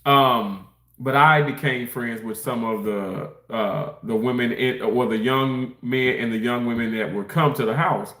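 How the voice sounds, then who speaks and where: In an unhurried, mid-range voice with a slight brightness and a roomy sound, a man from Mississippi hosts a casual livestream. He eats as he rambles, laughs a lot and reads comments from chat.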